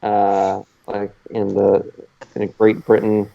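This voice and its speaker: This low-voiced man has a gravelly, warm tone and talks in a loose, easygoing podcast chat. He wanders through his points with fillers and small laughs. The audio is dull and a little lo-fi. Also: monotone, takes it slowly. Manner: laid-back and rambling, full of fillers and chuckles. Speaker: podcast co-host. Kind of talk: casual chat.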